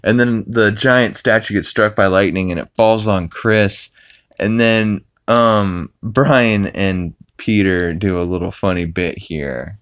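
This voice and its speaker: A man's voice: fairly low pitch, slow pace, a bit bright, smooth, dry recording. A man hosting a podcast, recapping an episode in a casual, rambling way with many fillers and restarts. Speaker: podcast host.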